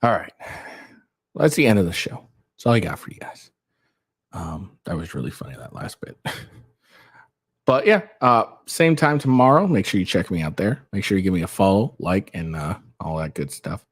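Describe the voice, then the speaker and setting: A young man hosts his own commentary show in a loose, rambling way. He talks in a low voice that swoops up and down, often restarts his sentences and laughs between points. The sound is dry and close. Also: very animated, normal speed, long pauses, husky, no echo. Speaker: show host. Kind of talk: casual opinion commentary.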